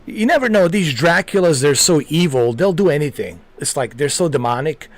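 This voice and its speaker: A man's voice: a little high, lively intonation, normal speed. A man streaming a game, chatting casually and rambling with lots of jokes and laughter. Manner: rambling, joking, laughs often. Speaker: gaming streamer.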